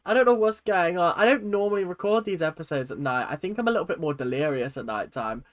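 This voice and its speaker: A man, hosting a casual reaction video, jokey and animated, laughing at himself. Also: on the high side, fairly quick, hardly any pauses.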